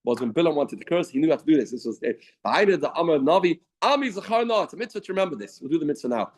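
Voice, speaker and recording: Lively man teaching a Talmud class. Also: on the high side, rapid-fire. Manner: lively, mixes Hebrew and Yiddish terms into English. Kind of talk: Talmud lecture. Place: study hall.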